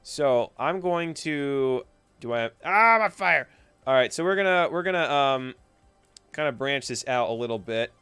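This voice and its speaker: A man's voice: mid-range voice, moderate pace, fairly bright tone, clear, resonant tone, no room sound, soft background music. A young man giving a screen-recorded tutorial, narrating each click with chatty, playful asides. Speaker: coding instructor.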